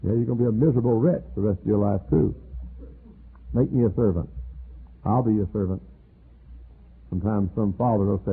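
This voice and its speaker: An older man preaching a sermon as pastor, telling folksy stories and jumping high in pitch when he acts out other people's words, on an old archival tape. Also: brisk, long pauses, husky, narrow, tinny audio. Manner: folksy storytelling preacher, acts out quoted voices with sudden high pitch jumps.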